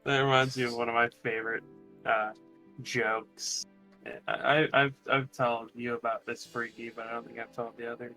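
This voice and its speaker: A man's voice: mid-range voice, little pitch movement, moderate pace, pushed and bright, faint music behind, poor audio. A man playing in an online tabletop game, chatting and joking casually. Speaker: player.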